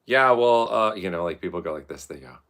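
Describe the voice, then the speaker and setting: Rambling, gravelly-voiced man telling bar stories. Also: deep voice, animated, brisk. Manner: profane, rambling, self-mocking, loud mocking quotes. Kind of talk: casual rambling storytelling.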